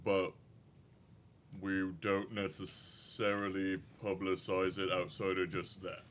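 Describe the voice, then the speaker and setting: A lower-voiced man laying out a plan to his tabletop group in a measured, reasoning way. A faint hiss sits under his voice. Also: completely flat delivery, fairly bright tone. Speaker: tabletop game player. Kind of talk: in-character party discussion.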